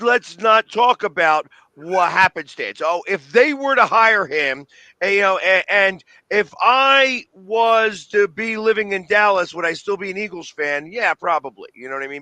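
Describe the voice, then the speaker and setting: A man's voice: high-pitched, sharp tone, dry recording. A man co-hosting a sports talk show, answering with dry, wry comebacks. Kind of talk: casual sports debate.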